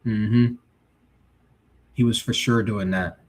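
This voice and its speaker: A man's voice: fairly low pitch, slow pace. A male livestream host chatting casually, reading viewer comments and giving blunt, slangy takes. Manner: blunt, animated, street slang.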